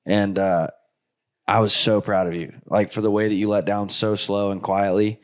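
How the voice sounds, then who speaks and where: A man hosting a hunting show, retelling a hunt in a casual, animated way with lots of filler words. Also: lowish voice, moderate pace. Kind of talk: casual storytelling with guests.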